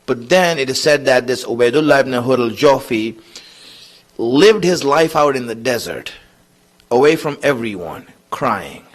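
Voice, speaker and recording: A man's voice: mid-range voice, expressive, measured pace. A male preacher giving a Muharram sermon, telling a story and voicing the people in it, and growing emotional as he goes on. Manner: grows emotional and louder as he goes on.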